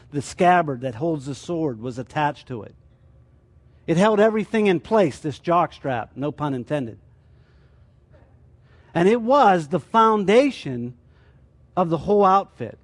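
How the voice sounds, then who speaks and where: A man teaching a sermon as a church teacher, explaining his points through rhetorical questions. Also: on the high side.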